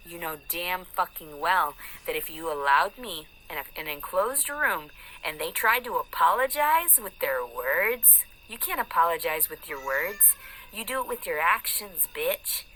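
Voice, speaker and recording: A woman's voice: fairly low pitch, expressive, a little slow, sharp tone, a little hiss or hum, low-quality recording. A woman in an angry, profane rant, taunting and aggressive, swearing constantly. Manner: mocking sing-song put-on voices.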